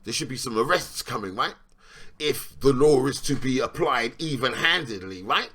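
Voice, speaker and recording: A man's voice: medium pitch, expressive, moderate pace, pushed and bright, breathy edge. A man reading a news article aloud and commenting on it sarcastically, rambling and asking "right?" again and again. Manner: rambling, repeats "right?" for emphasis; sarcastic, questioning.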